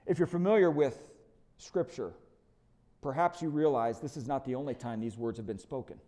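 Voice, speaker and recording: Male pastor, mid-pitched voice, storytelling sermon delivery that moves from animated to hushed. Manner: storytelling, lively and emphatic, slows to quiet reflection. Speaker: lead pastor.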